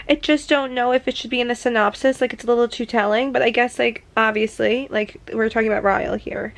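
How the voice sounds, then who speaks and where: A woman's voice: a little high, vocal fry, rough recording. Emotional young woman chatting about a book. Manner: emotional running reactions full of "like". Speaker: book vlogger. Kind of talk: casual reading vlog chat. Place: room upstairs at home.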